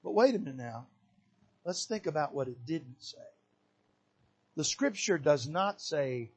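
An older man from Michigan preaching a sermon from a church pulpit, swinging between shouted exhortation and hushed, soft emphasis. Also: on the high side, sing-song, moderate pace, husky, dull audio. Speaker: pastor.

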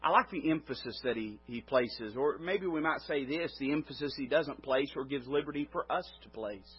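A male preacher giving a sermon in an emphatic way, his voice swelling and then dropping low. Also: moderate pace, husky. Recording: dull lo-fi recording.

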